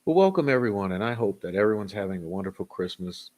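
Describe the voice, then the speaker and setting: A fast-talking livestream host with a lowish, slightly mellow and expressive voice chats casually. He greets viewers by name as he reads the chat, rambling with chuckles and filler words.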